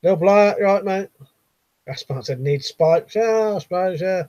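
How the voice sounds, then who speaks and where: A man's voice: sits high, unhurried, warm tone, no echo, highs cut off. A man with a Southern English accent hosting a casual live stream, reading viewers' comments aloud with frequent laughs and casual swearing. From Buckinghamshire, England.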